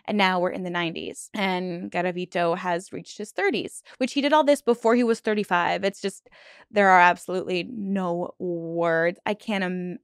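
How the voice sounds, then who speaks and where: Female true crime host, mid-pitched, earnest and conversational, dry close mic. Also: no echo. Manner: earnest, emotional, choked up at times; conversational with many fillers and restarts. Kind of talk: true crime storytelling, scripted with asides.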